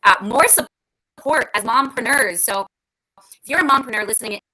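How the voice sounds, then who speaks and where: A woman's voice: on the high side, moderate pace, pushed and bright, breathy edge, rough recording. A woman hosting a casual panel talk, upbeat and encouraging, her voice coming through a garbled, robotic-sounding mic. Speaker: host.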